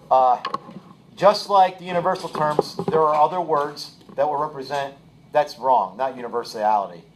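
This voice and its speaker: A man's voice: a little high, moderate pace, a little hiss or hum. A male teacher giving a classroom lecture, explaining with examples and often checking in with "okay?". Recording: echoey classroom, voice from far off.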